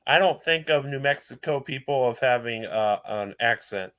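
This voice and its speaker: A man talks casually in an easygoing way. His voice sits at a middle pitch, and he shares small stories without hurry. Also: expressive, moderate pace, over a noisy crowd. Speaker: co-host. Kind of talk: casual chat.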